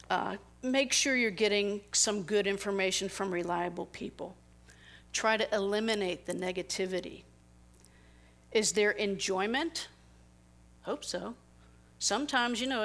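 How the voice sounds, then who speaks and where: A middle-aged woman with a medium-pitched voice delivers a conversational sermon, speaking a little slowly with long pauses. She tells personal stories in an animated way, acting out the people she quotes.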